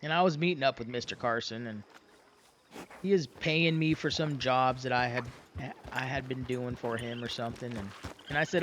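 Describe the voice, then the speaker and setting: A man's voice: mid-range voice, normal speed, fairly bright tone, a little hiss or hum. A young man casually telling a roleplay story in a folksy, rambling way with many fillers and restarts.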